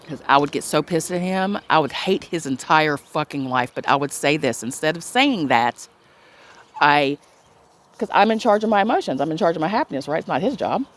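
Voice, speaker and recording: A woman's voice: sits low, lively intonation. Blunt, swearing spiritual woman vlogger. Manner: blunt and emphatic, swears freely, acts out quoted voices; slows into soft drawn-out blessings. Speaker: spiritual self-love vlogger. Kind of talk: casual spiritual pep talk.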